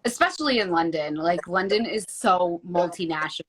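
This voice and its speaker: A woman from the United States talking as a guest in a relaxed chat. Her voice sits a little low, and she rambles chattily, filling gaps with "like". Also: fairly quick. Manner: chatty, leans heavily on "like". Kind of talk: casual chat.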